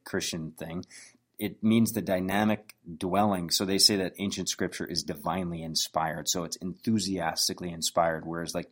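Deep-voiced man, casual business coach, anecdotal and loose. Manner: conversational, anecdotal, with frequent restarts. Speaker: business owner coaching on sales. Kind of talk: motivational business talk.

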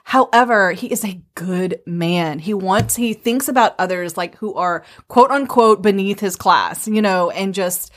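A woman co-hosting a podcast and eagerly recapping a story. She speaks at a plain middle pitch in a chatty, affectionate way. Her talk is full of "you know" and "um". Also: unhurried, few pauses. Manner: animated, fond, uses fillers "you know" and "um". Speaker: podcast co-host. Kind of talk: casual book discussion.

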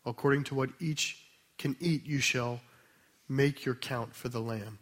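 A man preaching a sermon, explaining scripture in a conversational way, then reading a passage aloud slowly and softly. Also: medium pitch, steady tone. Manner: conversational teaching with restarts, slow and soft when reading scripture.

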